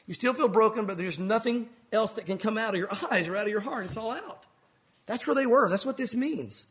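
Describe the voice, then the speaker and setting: A pastor with a high voice gives an earnest sermon from the pulpit, occasionally voicing the characters in his story. He speaks a little fast, and his tone is a bit bright.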